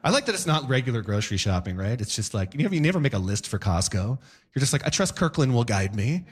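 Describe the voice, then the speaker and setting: A man performing a stand-up comedy set, animated and breaking into sudden loud outbursts as he acts out scenes. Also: mid-range voice, fast talker, husky. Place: comedy club stage before a live audience.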